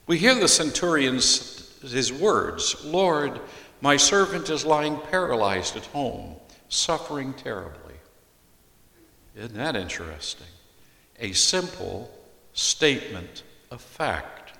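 A man preaching an expository sermon as a pastor, deliberately reading scripture aloud and explaining it. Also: mid-range voice, big pitch swings, gravelly, bright, forceful tone. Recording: echoey hall with long reverb.

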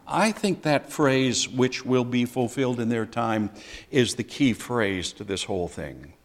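An older man preaching a sermon as a pastor, conversational, with dry humor and pauses. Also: mid-range voice, expressive.

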